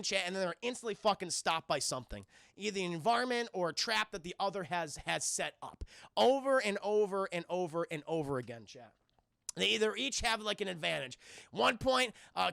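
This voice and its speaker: A man's voice: high voice, vocal fry, no echo, clean studio sound. A young man streaming a crude, joking cartoon recap, talking to his chat. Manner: animated, crude and joking, keeps addressing chat. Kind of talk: casual live-stream recap.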